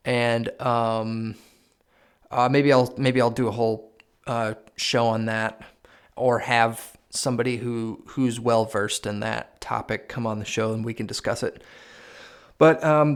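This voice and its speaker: A man talking alone on his own podcast, his voice sitting at an ordinary middle pitch. He muses and thinks aloud, stumbling through frequent ums, uhs and restarts as he hunts for words. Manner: hesitant, many fillers and restarts. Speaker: podcast host. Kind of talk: solo podcast talk.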